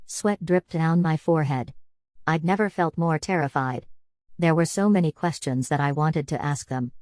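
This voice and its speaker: A woman reading a first-person novel as an audiobook, in an even, measured way. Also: sits low, dry recording. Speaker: audiobook narrator. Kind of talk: first-person scripted narration.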